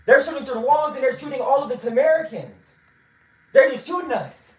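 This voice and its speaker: A man telling a long story in a casual way, swinging between loud bursts and low mutters. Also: fairly quick. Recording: roomy echo.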